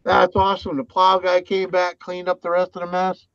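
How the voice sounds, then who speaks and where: A man's voice: sits high, monotone, normal speed, a bit bright, clear, resonant tone, dry recording. A man hosting a casual livestream chat, easygoing and self-deprecating, laughing often. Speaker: livestream host. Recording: dull, dry lo-fi sound.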